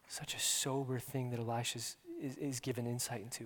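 A man's voice: mid-range voice, level tone, fairly quick, few pauses. Earnest male preacher in a reverberant hall. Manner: earnest, repeats words, swings from hushed whispers to loud emphasis. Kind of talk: sermon.

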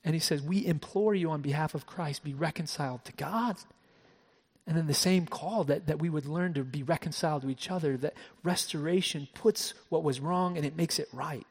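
In a sermon, this pastor moves between soft, hushed passages and raised, emphatic ones, frequently repeating words as he restarts. His voice is a little high and husky, his pace moderate, and a long reverb tail follows him.

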